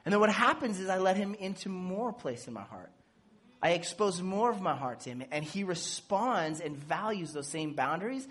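Male pastor, fairly high husky voice, lively sermon delivery with playful asides. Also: moderate pace. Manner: animated, playful asides, acts out dialogue.

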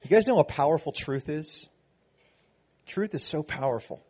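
A man's voice: fairly high pitch, lively intonation, moderate pace, a little mellow, slightly rough. A man, a pastor, giving a sermon in a conversational, preaching way, with frequent restarts and emphatic passages.

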